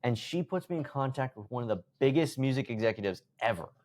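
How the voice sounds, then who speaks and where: A man's voice: mid-range voice, expressive, quick pace, a little mellow. A man in his thirties, a podcast guest, telling a story casually and animatedly, acting out conversations and swearing freely. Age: 30s.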